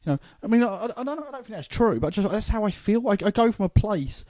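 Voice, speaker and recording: A man's voice: high-pitched, lively intonation, quick pace, dark tone, no room sound. A man with a London accent, a comedian hosting a casual podcast chat, rambling with stammering restarts. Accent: London English. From England.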